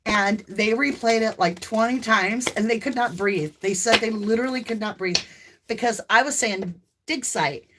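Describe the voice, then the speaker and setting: A woman with a light Southern US accent, hosting a live tarot stream in casual chat, talkative and laughing often, breaking into loud whoops. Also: fairly high pitch, normal speed, background noise. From American South.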